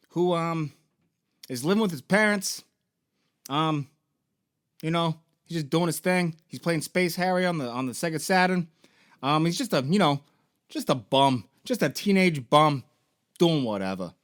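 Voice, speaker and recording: A young man hosts a casual game-story recap, rambling along with plenty of ums and swearing. His voice sits a bit higher than most men's. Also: animated, a little slow, long pauses, a bit bright. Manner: rambling, profane, full of fillers. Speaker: toy and game store host.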